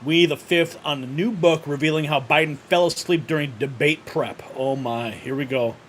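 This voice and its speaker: An animated male host running an online news commentary show, reacting to clips with loud laughs. His voice sits a little high for a man. A faint hiss runs underneath. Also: normal speed.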